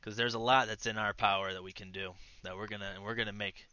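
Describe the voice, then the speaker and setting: A man's voice: lowish voice, fairly even intonation, fast, highs cut off, over a noisy crowd. A man playing a tabletop role-play game, voicing a detective with eager, stammering restarts.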